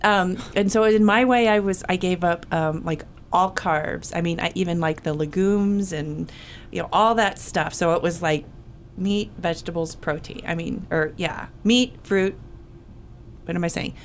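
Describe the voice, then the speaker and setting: A woman's voice: on the low side, moderate pace, slight background noise. A woman in a Bible study group sharing a personal experience in a rambling way, full of fillers and restarts. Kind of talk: casual group discussion.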